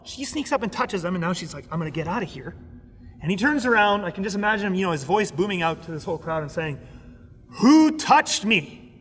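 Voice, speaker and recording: Animated man preaching, high voice. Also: breathy edge, long reverb tail. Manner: animated, acts out voices of people in the story. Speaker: pastor. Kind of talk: sermon teaching. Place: recorded for an online audience.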